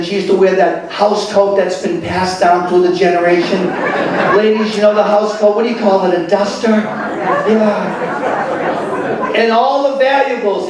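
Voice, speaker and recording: A man telling comedy stories on stage in a club, animated, with quick asides to the crowd. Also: sits high, very noisy. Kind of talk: stand-up comedy. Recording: echoey club from far off.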